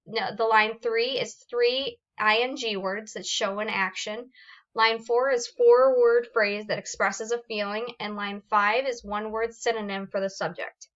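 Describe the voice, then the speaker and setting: Woman teacher, bright voice, reading out sample poems for a class on a muffled lo-fi recording. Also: a little high, steady tone, measured pace. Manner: explains step by step, reads examples aloud with fillers and restarts. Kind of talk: recorded classroom lesson on poetry forms.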